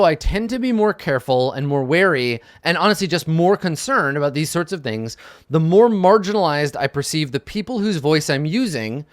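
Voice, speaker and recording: A man's voice: fairly high pitch, no echo, clean studio sound. A young adult man, a game master, giving casual advice to camera in a thoughtful way, often checking in with "right?".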